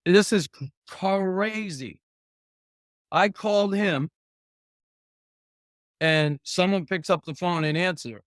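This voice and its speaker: A retired pro hockey player telling rambling, profane stories as a guest in a casual interview, chuckling along the way. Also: male voice, high-pitched, a little slow, pauses often, no echo, studio quality.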